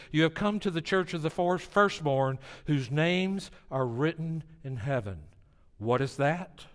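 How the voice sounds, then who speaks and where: Male preacher, somewhat high voice, dynamic sermon delivery from quiet to emphatic, long hall reverb.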